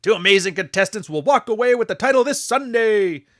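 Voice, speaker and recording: A man putting on the voice of a booming male wrestling announcer from the early nineties, hyping a match. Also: expressive, fairly quick. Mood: hyped. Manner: loud showman hype.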